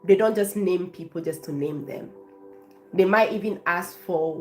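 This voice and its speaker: Over soft background music, a woman from Africa who works as a life coach chats effusively on a live stream. Her voice is on the low side and a little slow, and she thanks her viewers by name.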